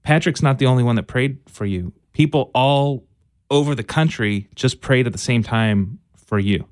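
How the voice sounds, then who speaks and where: A man's voice: mid-range voice, moderate pace, dry recording, studio quality. A man co-hosting a call-in radio show, speaking with earnest enthusiasm. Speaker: radio co-host.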